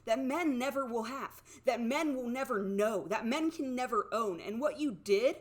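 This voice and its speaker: A woman's voice: on the high side, normal speed. A young woman comedian delivering an indignant, escalating monologue, full of swearing and raised outbursts. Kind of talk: ranting monologue.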